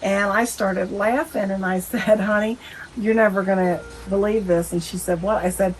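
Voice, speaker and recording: The mother of a murder victim, a middle-aged woman, describes family conversations plainly in an interview and repeats each person's words as quotes. Her medium-pitched voice stays steady at a moderate pace. The low-quality recording carries a little hiss or hum.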